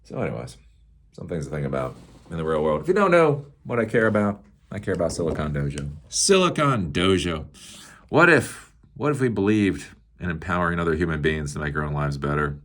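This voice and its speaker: A man's voice: deep voice, very animated, fairly quick, fairly bright tone. A middle-aged man hosting a casual, rambling tech commentary show, sarcastic and laughing at his own jokes.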